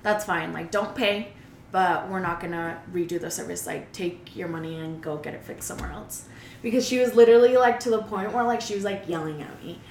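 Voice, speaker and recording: Loud young woman, roomy podcast sound. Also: lowish voice, brisk, gravelly, a little hiss or hum. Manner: loud, animated storytelling, mixing English and Spanish. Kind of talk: casual chat.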